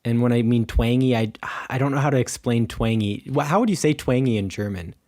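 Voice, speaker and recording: A man's voice: medium pitch, a little fast, a little mellow. Rambling American man, casual podcast chat. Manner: loose, rambling, heavy on "like" and "um". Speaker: podcast co-host.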